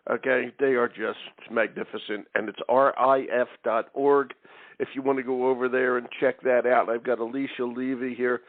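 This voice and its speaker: A man's voice: medium pitch, dry recording. A man hosting a casual talk radio show, chatty and jokey, who keeps saying "okay". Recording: tinny, dry phone-like line.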